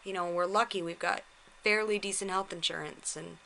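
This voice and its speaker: A woman's voice: lowish voice, steady tone, brisk, gravelly, sharp tone, slight background noise, low-quality recording. A middle-aged woman chatting casually to a handheld camera from her bed, worn out and unwell, talking in a drained, weary way. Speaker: vlogger. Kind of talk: casual vlog chat. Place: bedroom, in bed.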